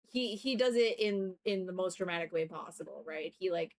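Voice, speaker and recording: A livestreaming artist chats casually with viewers while she works, laughing often and retelling things with animation. Her voice is fairly low and her pace moderate.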